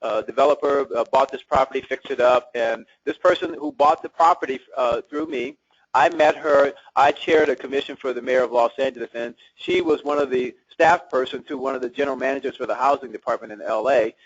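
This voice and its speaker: A man's voice: mid-range voice, fairly quick, dry recording. A man leading a real estate seminar, chatting with the audience and asking them questions as he goes. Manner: conversational, asks the audience questions. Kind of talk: live seminar talk to an audience. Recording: dull lo-fi seminar recording.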